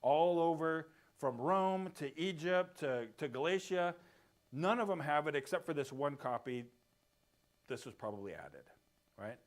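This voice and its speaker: Man, Bible class teacher, slightly high voice, casual explainer who keeps checking the class follows. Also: animated, unhurried. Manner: explains step by step, often checks in with "right?". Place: church classroom.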